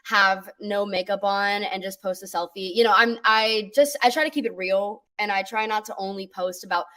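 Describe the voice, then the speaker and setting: A young woman, an actress guest on an interview show, answering in a relaxed, casual way full of "like" and "you know.". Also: medium pitch, moderate pace, distant mic.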